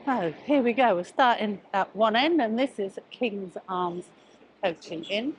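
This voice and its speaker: A woman's voice: mid-range voice, animated, unhurried, slight background noise. A woman presenting a walking-tour travel vlog outdoors on a town street, chatty and a little out of breath from walking, pointing things out as she goes. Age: older. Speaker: travel vlogger.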